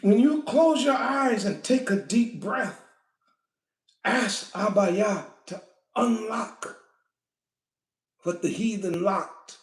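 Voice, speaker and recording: A woman preaching a fiery sermon, animated, often shouting and breaking into laughter. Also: mid-range voice, slow pace, long pauses. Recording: echoey room.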